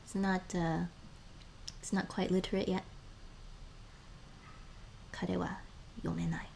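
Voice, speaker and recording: A woman streaming casually, sounding out words slowly, often dropping to a murmur or whisper and laughing between phrases. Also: fairly low pitch, flat delivery, creaky, darkish tone, a little hiss or hum. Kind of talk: casual live-stream chat.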